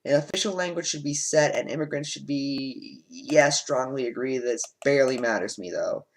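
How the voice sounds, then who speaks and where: A man's voice: mid-range voice, moderate pace, vocal fry, slight background noise, rough recording. A man and let's play host, reading quiz statements aloud and answering them bluntly, with frequent ums, on a home desk microphone.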